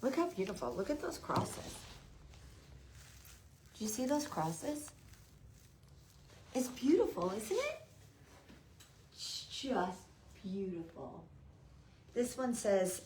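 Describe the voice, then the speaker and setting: A woman hosting a live craft stream, chatting softly to viewers by name and gushing over the decorations. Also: on the high side, sing-song, takes it slowly, pauses often, slight background noise, low-quality recording. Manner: hushed, half-whispering. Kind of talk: casual live-stream chat.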